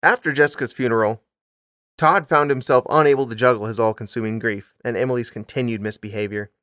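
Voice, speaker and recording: Male podcast host, mid pitch, dramatic reader, dry studio. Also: steady tone, fairly quick, a bit bright, dry recording. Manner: reads with dramatic emphasis, breaks off to joke. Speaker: podcast host reading a story. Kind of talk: comedic dramatic reading with banter.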